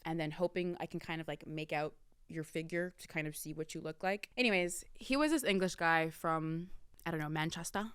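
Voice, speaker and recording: Animated young woman telling a story. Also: clear, resonant tone, no room sound, clean studio sound. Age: early 20s. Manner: animated, dramatic swings in pitch and volume; chatty, addresses listeners as y'all. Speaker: podcast host. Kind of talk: casual storytelling.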